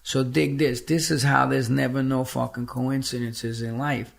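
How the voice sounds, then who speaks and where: Gravelly middle-aged man telling a blunt story. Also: medium pitch, level tone, moderate pace. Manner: blunt, profane, emphatic storyteller. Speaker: podcast guest. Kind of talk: casual interview storytelling.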